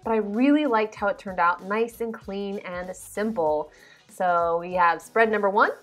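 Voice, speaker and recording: A woman's voice: medium pitch, normal speed, fairly bright tone, soft background music. A woman host giving a casual, chatty voice-over about her journal pages, bubbly and joking at her own expense. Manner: bubbly, chatty, self-deprecating asides. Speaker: craft video host.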